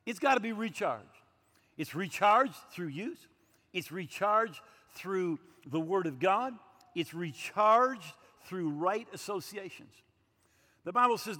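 An older man in his sixties preaches with a high, lively voice that swings up and down. He stresses his points emphatically and drops in light jokes. His voice rings with the long reverb of a church hall. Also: slow. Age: 60s. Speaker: pastor. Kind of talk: sermon.

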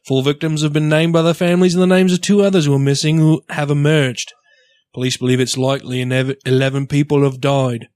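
A man's voice: fairly high pitch, no room sound, clean studio sound, natural voice. A man putting on a British accent to read a news report stiffly, as a male newsreader. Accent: put-on British. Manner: stiff formal news reading with stumbles.

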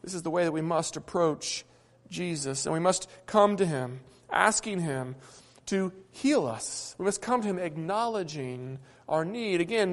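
A man preaching a sermon in an earnest way, often repeating words as he goes, recorded in a church sanctuary. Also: sits high. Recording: long hall reverb.

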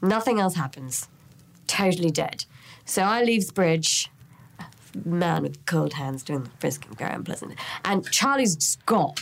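A woman playing a tabletop game, telling her part of the story in an animated way, with sound effects and casual swearing. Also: on the low side, measured pace, creaky. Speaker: player. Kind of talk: in-character recap in a tabletop game.

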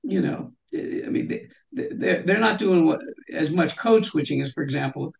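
A woman's voice: fairly low pitch, very animated, normal speed, vocal fry, a little mellow, dull audio. A woman guest in a conversational interview, talking thoughtfully and often saying "you know".

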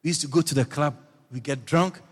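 A middle-aged man from Ghana with a Ghanaian accent, a bishop preaching a sermon built on a personal story, animated, laughing often and breaking into shouts. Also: fairly high pitch, brisk, breathy edge. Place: church hall. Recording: church hall reverb, faint music.

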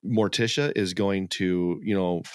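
A man's voice: deep voice, steady tone, measured pace, background noise. A man co-hosting a podcast, chatting casually over a video call and laughing often between restarts. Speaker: podcast co-host. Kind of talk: casual chat.

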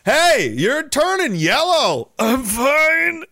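Guy putting on squeaky panicky party bros arguing, way higher than normal, all mocking and whiny. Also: animated, slow pace, pushed and bright, heavily acted. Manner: mocking, exaggerated whiny back-and-forth. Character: panicky male party loyalists bickering.

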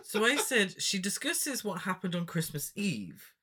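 A bright, forceful voice that swings widely up and down as this co-host recaps a film. The talk is casual and chatty, peppered with quick questions and side remarks. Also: mid-range voice, big pitch swings. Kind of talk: casual chat.

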